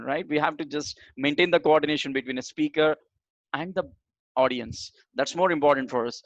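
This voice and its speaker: A man teaching an online session on public speaking, deliberately raising and lowering his tone as he talks. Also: no room sound, muffled recording. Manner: animated, varies tone up and down deliberately. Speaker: communication trainer.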